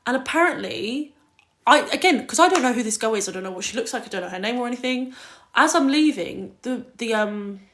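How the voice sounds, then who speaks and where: Pitched on the high side and fairly quick, this young Kent woman sounds expressive and a bit bright. She's spinning stories in a laid-back livestream chat from England, loaded with "like" and swearing.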